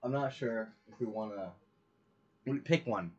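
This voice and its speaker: A man's voice: on the low side, a little slow, darkish tone, slightly rough, lo-fi sound. A man co-hosting a casual podcast, rambling and arguing with a laugh. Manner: rambling, argumentative, laughs a lot. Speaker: podcast co-host. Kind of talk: casual chat.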